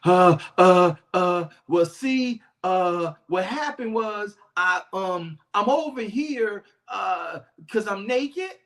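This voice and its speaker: A man's voice: a little high, fairly even intonation, brisk, fairly bright tone, natural voice. A preacher putting on a stammering, sheepish man. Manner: stammering, hesitant, full of "uh". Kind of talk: preaching with acted-out Bible scene.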